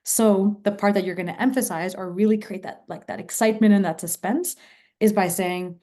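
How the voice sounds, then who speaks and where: A woman's voice: medium pitch, steady tone, a little fast, mellow. A woman presenting an online mentorship workshop over a video call, talking with enthusiasm and emphasis.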